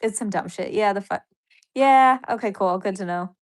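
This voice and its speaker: A woman's voice: mid-range voice, moderate pace. A woman hosting a casual live stream, chatting loosely with viewers, reading their comments aloud and laughing often. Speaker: livestream host.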